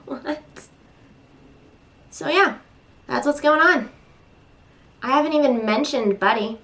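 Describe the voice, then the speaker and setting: Chatty, exasperated young mom vlogger. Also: female voice, unhurried, a bit bright. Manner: chatty, exasperated, acts out voices in high squeals. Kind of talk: casual venting vlog.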